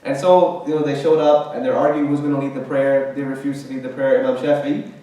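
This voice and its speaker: A man's voice: mid-range voice, flat delivery, fairly quick, mellow. A man teaching a conversational religious class in a mosque, often checking in with his listeners. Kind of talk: Quran commentary class. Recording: very echoey room, distant mic.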